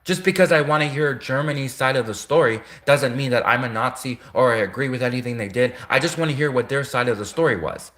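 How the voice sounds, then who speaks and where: A man's voice: medium pitch, fast, hardly any pauses, fairly bright tone. A man talking straight through a rambling casual monologue, often restarting and repeating his sentences.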